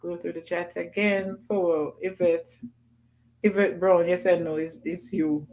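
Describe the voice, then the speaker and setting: A woman's voice: fairly low pitch, level tone, a little slow, darkish tone, rough recording. Chatty woman hosting a livestream. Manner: chatty, laughs often, Jamaican patois phrasing. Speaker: livestream host. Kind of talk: casual livestream chat, reading comments aloud.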